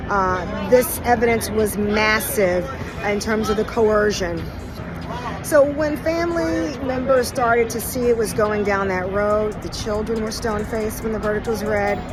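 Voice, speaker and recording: A woman reporting unscripted from outdoors, hesitant and full of fillers. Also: medium pitch. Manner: unscripted, many fillers and restarts. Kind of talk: on-the-scene report. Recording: loud music mixed under the voice.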